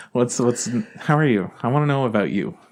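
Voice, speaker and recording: A man hosting a casual podcast, laughing easily and teasing his co-host. His voice swings widely in pitch, lively and bouncy as he jokes around.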